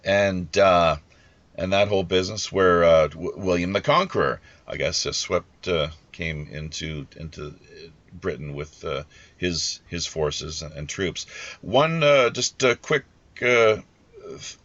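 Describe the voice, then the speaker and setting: A man with a lowish voice hosts a live podcast. He talks haltingly and often stops to restart his sentences. His audio is dull and lo-fi. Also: a bit bright, no echo. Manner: halting, many fillers and restarts. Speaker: podcast host.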